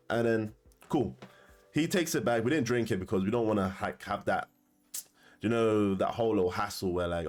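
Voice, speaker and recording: A man's voice: medium pitch, animated, fast, faint music behind. A man telling a story to camera in a casual, slangy way, often laughing. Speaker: commentator.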